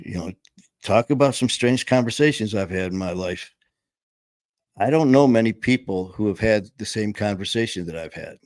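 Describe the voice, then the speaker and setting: A man's voice: sits low, no echo. A middle-aged man candidly telling his own story in plain, casual words, swearing now and then. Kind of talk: personal storytelling.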